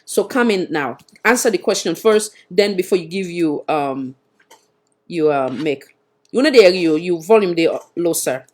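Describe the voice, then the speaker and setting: A woman's voice: fairly low pitch, animated, a little slow, a little mellow. Insistent Sierra Leonean woman host. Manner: insistent, presses the guest with repeated questions. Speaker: talk show host. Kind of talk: live panel discussion.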